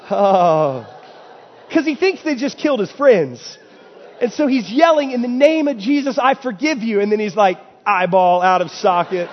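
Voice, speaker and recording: Guy with a high voice telling a story in a sermon, gets loud and excited, big echoey church hall. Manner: animated storyteller, builds to loud excited bursts. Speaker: pastor. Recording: dull sound with long hall reverb.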